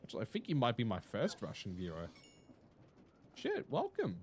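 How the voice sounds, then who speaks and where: A young man with an Australian accent, chatting casually and rambling to his stream viewers, often swearing and talking fast. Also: lowish voice, very animated, slight background noise. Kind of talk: casual livestream chat to viewers.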